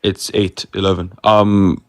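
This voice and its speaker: A young man in his late teens calls in, his very deep voice sounding dry and close. He speaks haltingly, with many pauses and fillers. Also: little pitch movement, no echo. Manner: hesitant, halting. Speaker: caller. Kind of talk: call-in debate.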